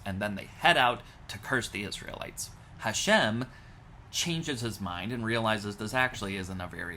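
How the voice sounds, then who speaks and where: Wry, bright-voiced male rabbi. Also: on the low side, slight background noise. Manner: wry, deadpan asides. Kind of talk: comic retelling of scripture.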